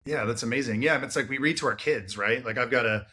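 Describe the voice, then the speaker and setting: A man's voice: medium pitch, fast talker, bright, forceful tone, slightly rough. A man in his thirties hosting a podcast interview, chatty and casual, with frequent "right?" and "like". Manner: chatty, friendly, many fillers like "right?" and "like". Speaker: podcast host.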